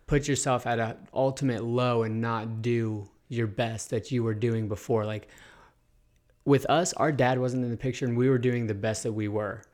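A man co-hosting a casual talk show, giving earnest advice in a quick, informal way with casual swearing. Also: medium pitch, fairly even intonation, darkish tone. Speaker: podcast co-host. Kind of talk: casual chat.

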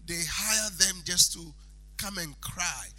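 High, bright-voiced man preaching in sing-song. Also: takes it slowly. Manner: sing-song preaching with shouted peaks, acts out quotes. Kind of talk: sermon. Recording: faint music behind the voice.

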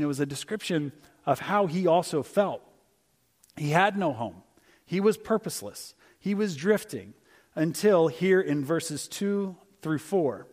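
A man's voice: high-pitched, a little mellow. A middle-aged man giving a conversational sermon as a guest speaker, telling stories and acting out little voices for humor.

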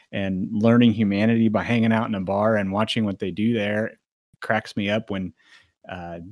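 A man's voice: lowish voice, dry recording, studio quality. A man co-hosting a casual podcast, talking hesitantly with many fillers. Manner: hesitant, many ums and uhs. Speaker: podcast co-host.

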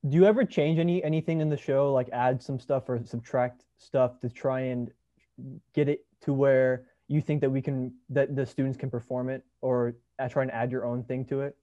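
A man's voice: medium pitch, steady tone, moderate pace, dark tone. A man interviewing a theater director, asking rambling questions with many restarts. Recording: dull lo-fi recording.

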